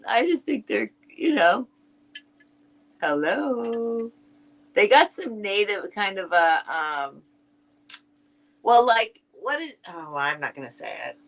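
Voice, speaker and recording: Gravelly-voiced woman chatting on a sale stream. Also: medium pitch, lively intonation, slow pace, long pauses, fairly bright tone, low-quality recording. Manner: chatty, musing aloud about items. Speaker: online sale co-host. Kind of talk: live-stream sale chat.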